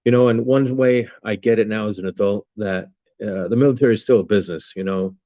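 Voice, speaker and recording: In a casual podcast interview, a man in his fifties, a veteran, recounts his story bluntly and profanely, full of fillers. He speaks fast in a lowish voice. The recording is dry and dull.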